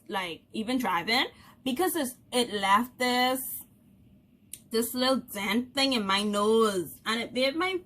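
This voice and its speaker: Bright-voiced Bahamian woman telling stories. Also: on the high side. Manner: animated, laughing often, acts out quoted voices. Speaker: vlogger. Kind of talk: casual storytelling to camera.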